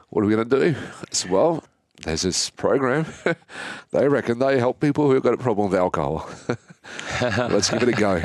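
An Australian man telling his own story in an interview, candid and halting, often restarting his sentences. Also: lowish voice, no room sound, studio quality. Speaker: guest.

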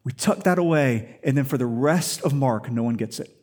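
A man's voice: mid-range voice, animated, normal speed, darkish tone. A man preaching a sermon in an emphatic storytelling way, full of rhetorical questions. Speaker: pastor.

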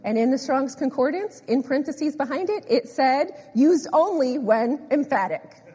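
A woman preaching a sermon, animated and emphatic, repeating phrases and often laughing. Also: high voice, normal speed. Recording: echoey hall with long reverb.

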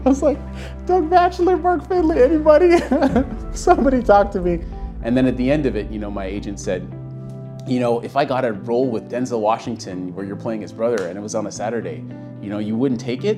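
A young man casually telling a personal story, acting out the voices of the people he quotes. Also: fairly low pitch. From Canada. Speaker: guest telling his story.

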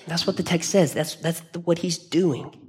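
Male pastor, sermon delivery, earnest and conversational, slightly higher voice. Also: steady tone, moderate pace. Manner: conversational, earnest, with frequent restarts. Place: church hall.

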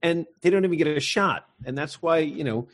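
A man hosting a casual sports podcast, talking in an animated, exasperated rant. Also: fairly high pitch, brisk. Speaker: podcast host.

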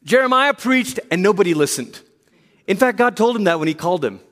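A male pastor delivers an animated sermon, acting out quotes as he tells the stories. His voice sits high for a man. A long reverb from the church hall trails each phrase. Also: a little fast.

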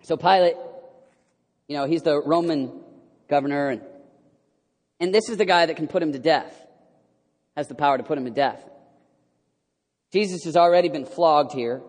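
A man preaching a sermon in an animated way, rising to loud exclamations and dropping to a hushed near-whisper. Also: fairly high pitch, normal speed, pauses often. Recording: hall with long reverb.

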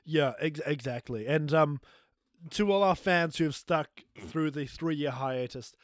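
A man co-hosting a comedy podcast who laughs easily and happily plays along with the joke. His voice sits a little high. The recording is dry and close. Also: measured pace, no room sound. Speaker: podcast co-host.

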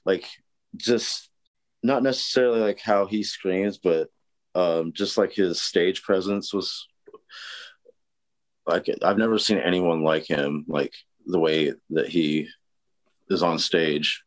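A man's voice: deep voice, fairly even intonation, takes it slowly, long pauses. A man who fronts heavy bands, a podcast guest who talks hesitantly with many ums and likes. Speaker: podcast guest, band vocalist. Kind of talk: casual interview chat.

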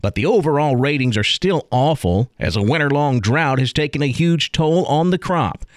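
A man's voice: fairly high pitch, lively intonation, moderate pace, no echo, clean studio sound. A man hosting a radio farm news show, delivering the script in a folksy, enthusiastic way.

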